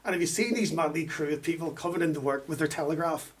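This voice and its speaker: An Irish man on a podcast, telling animated work stories in casual chat, swearing freely. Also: fairly high pitch, quick pace, far from the mic. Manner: animated, swearing, laughing storyteller.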